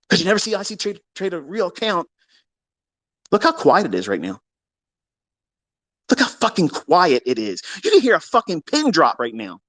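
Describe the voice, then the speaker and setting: A man's voice: high voice, wildly swooping pitch, moderate pace, long pauses, fairly bright tone, no room sound. Profane, combative man ranting. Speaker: trading educator, host of the space. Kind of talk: live audio-room rant. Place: online audio space.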